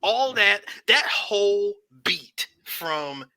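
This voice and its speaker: Bright, high-voiced man reviewing a movie. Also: extremely slow, no echo. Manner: animated, acts out scenes, laughs often. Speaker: podcast co-host. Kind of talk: casual chat, movie review.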